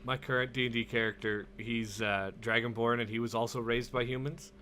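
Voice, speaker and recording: A young man co-hosting a casual gaming podcast, talking in an animated way and swearing. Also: medium pitch, fairly quick, a little hiss or hum. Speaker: podcast co-host.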